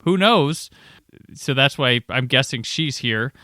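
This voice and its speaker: Animated man hosting a podcast. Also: mid-range voice, takes it slowly, no echo, clean studio sound. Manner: animated storyteller, acts out quoted voices. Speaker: podcast host. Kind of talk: casual chat.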